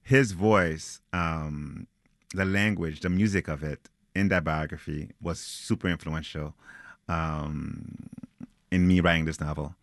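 A man's voice: rumbling low, fairly even intonation, takes it slowly, no echo, studio quality. A man reading aloud from his novel and then talking about it in an interview, thoughtful and searching for words. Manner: thoughtful, with ums and restarts when speaking freely.

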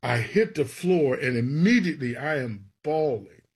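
A man with a breathy, medium-pitched voice speaks at normal speed. A gospel songwriter, he shares stories from his life in an interview and lively acts out the people he quotes.

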